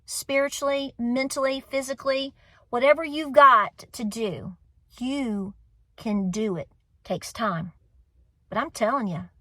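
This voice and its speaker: A woman's voice: fairly high pitch, fairly bright tone, no room sound. Earnest, emotional Southern woman in her forties. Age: 40s. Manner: emotional, earnest, encouraging, repeats phrases for emphasis. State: tearful. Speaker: homestead channel host. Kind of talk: heartfelt vlog talk to viewers.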